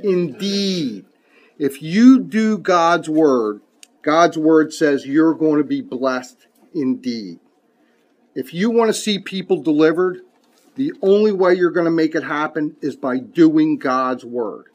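A man's voice: on the high side, slow. A man preaching a sermon who reads scripture aloud emphatically and mixes in folksy, casual asides.

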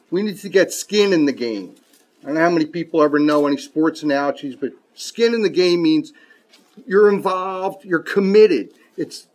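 A male preacher with a fairly high voice who leans hard on key words and reads old scripture in a measured, emphatic way. Between readings he drops into relaxed, folksy asides. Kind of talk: sermon.

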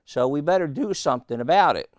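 Cold, calculating king, read by a man in a measured, plotting tone. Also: a little high, animated, dry recording, clean studio sound, close to an everyday voice. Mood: scheming.

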